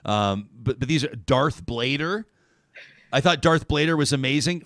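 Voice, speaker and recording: A man's voice: mid-range voice, animated, normal speed, a bit bright, dry recording, clean studio sound. A man in his thirties hosting a talk show, chatting casually and joking, rambling with restarts. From Canada.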